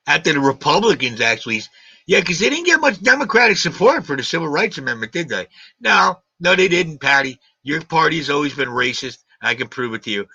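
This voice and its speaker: A man's voice: on the high side, vocal fry, bright, forceful tone, slightly rough, no echo. A man hosting a live stream, ranting combatively in a heated argument and hammering his points with repeated questions. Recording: dull lo-fi stream audio.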